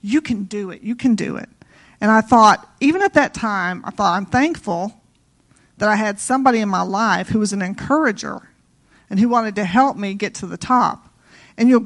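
A woman's voice: mid-range voice, animated, moderate pace, a bit bright. A middle-aged woman giving an informal, conversational sermon, full of personal stories and "you know" asides. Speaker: preacher.

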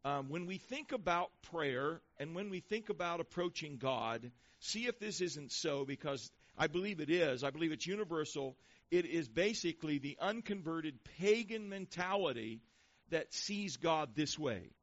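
Man, pastor, sermon, slightly high voice, slow emphatic scripture reading, dull lo-fi recording. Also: animated, fairly bright tone. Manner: preaching, reads scripture slowly with emphasis. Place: church before a congregation. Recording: dull lo-fi sound.

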